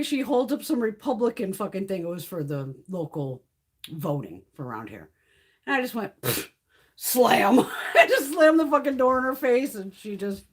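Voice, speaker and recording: A woman's voice: deep voice, slightly rough. A middle-aged woman hosting a makeup live stream, telling blunt, heavily profane stories and laughing through them in casual chat.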